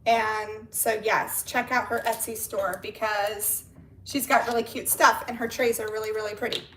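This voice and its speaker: A woman hosting a casual live stream from home, chatty and excitable, her voice rising and getting louder when she gets worked up. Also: fairly high pitch, normal speed, slight background noise. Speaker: livestream host chatting with viewers. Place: at home with barking dogs. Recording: echoey room.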